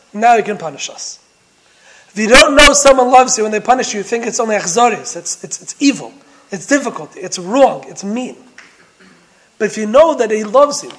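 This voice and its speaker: Very high-voiced man preaching emphatically. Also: a bit bright, low-quality recording. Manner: emphatic, full of rhetorical questions; storytelling with dramatic repetition. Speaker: Torah teacher. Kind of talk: sermon-style Torah lesson.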